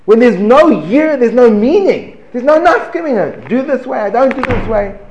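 A man giving a lively Torah class, asking rhetorical questions, breaking off mid-phrase and chuckling as he teaches. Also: very high-pitched, moderate pace, muffled recording, crowd noise. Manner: animated, rhetorical questions, self-interrupting and chuckling. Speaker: religious teacher. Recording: echoey room.

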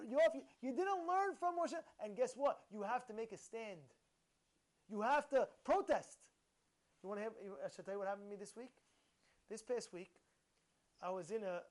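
A man teaching a short Torah lesson, emphatic and animated, firing rhetorical questions and repeating himself. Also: high voice. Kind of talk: informal Torah talk.

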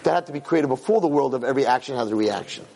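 A man giving a Torah class as a lively, emphatic storyteller who keeps jumping into character voices, in an echoey hall. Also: mid-range voice, racing. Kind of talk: animated Torah lecture with storytelling. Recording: echoey hall with long reverb.

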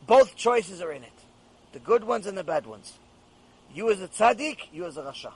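A man's voice: high voice, lively intonation, normal speed, slightly rough, low-quality recording. A rabbi giving an emphatic Torah lecture and repeating his key phrases for emphasis.

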